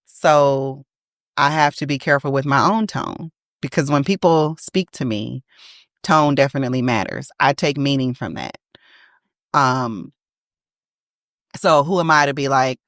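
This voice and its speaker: A woman co-hosting a podcast in casual chat, emphatic and quick to laugh. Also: very deep voice, a bit bright, no room sound, clean studio sound. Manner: chatty, laughs often, emphatic. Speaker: podcast co-host.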